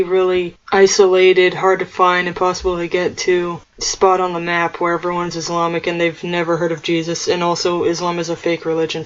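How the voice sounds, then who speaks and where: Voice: mid-range voice, muffled recording. A vlogger delivering a solo monologue rant in a scornful, mocking, conspiratorial manner.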